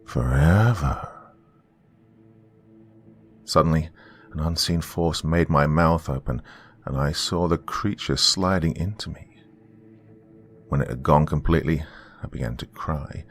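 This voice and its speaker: A man hosting a horror podcast, narrating a first-person horror story in a slow, brooding way. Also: extremely low pitch, a bit bright.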